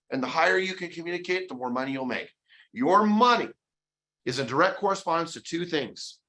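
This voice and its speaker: In this motivational session, an energetic man who trains real estate salespeople stresses his points forcefully. His voice is a little high, bright and sharp-edged. Quick exchanges between agent and client, delivered as quotes, pop up often in his talk.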